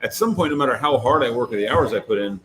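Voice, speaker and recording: Casting: male podcast co-host, mid-pitched, loose rambling storyteller, faint hiss behind. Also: fast talker. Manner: rambling, animated storytelling with many fillers. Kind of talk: casual chat.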